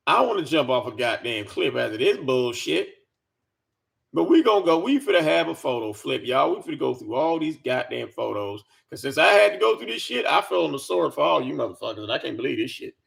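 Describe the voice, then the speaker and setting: A man's voice: mid-range voice, gravelly, a bit bright. A man giving an exasperated, profane reaction rant, stammering and repeating himself as he talks. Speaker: commentary vlogger. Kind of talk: ranting reaction commentary.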